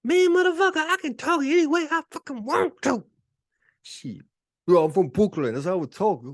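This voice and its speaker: Sex: man. Figure: a man putting on a loud, swearing Brooklyn tough guy, pitched very high. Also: lively intonation, normal speed, no echo, clean studio sound. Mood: brash swagger. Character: brash foul-mouthed adult male Brooklyn tough guy. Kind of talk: jokey impression on a podcast.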